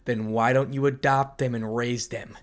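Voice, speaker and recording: A man's voice: medium pitch, little pitch movement, moderate pace, lightly acted. Man narrator doing scornful young man, icy menace, own voice. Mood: cold scorn. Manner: venomous, growling threats.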